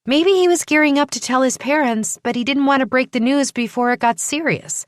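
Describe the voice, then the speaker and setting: A woman voicing an excitable, earnest young female rookie cop in an audiobook, her voice lifting high with eagerness. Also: a little fast, dry recording, clean studio sound, lightly acted. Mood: eager. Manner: bubbly, rising and earnest. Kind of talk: audiobook character voice.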